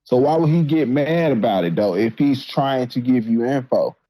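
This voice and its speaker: A man co-hosting a casual podcast, calmly explaining his opinion in a laid-back way. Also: medium pitch, moderate pace, no echo, rough recording. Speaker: podcast co-host. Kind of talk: casual debate chat.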